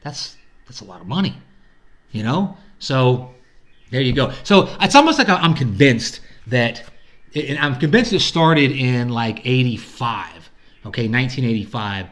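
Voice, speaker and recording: Man, middle-aged, rambling profane rant, average pitch, acts out quotes. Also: expressive, unhurried, fairly bright tone. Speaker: vlogger. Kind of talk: casual rant.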